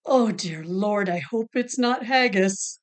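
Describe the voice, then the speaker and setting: A woman's voice: medium pitch, expressive, slow pace, reverberant, over music. A woman co-hosting a home cooking show, reacting eagerly and explaining bits of food history. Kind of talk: casual cooking show chat. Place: home kitchen.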